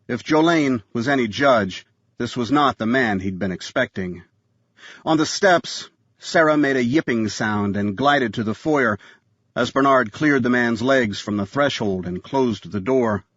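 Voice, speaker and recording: A man's voice: medium pitch, unhurried, a bit bright, no room sound. Male audiobook narrator, tense thriller delivery, dull dry studio sound. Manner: tense thriller reading, voices characters.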